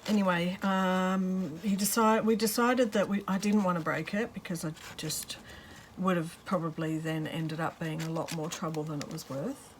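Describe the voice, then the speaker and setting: Working on a craft journal, a woman vlogger talks in a loose, wandering way, trailing off into fillers. Her voice is fairly low with fairly even intonation and a moderate pace, and the low-quality recording carries a slight hiss or hum.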